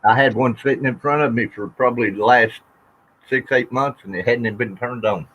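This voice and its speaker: A man's voice: medium pitch, fairly quick, a bit bright, husky. A man who collects coins, chatting casually on a livestream auction in a folksy, dry-joking way. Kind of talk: casual chat. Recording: slightly dull lo-fi stream audio.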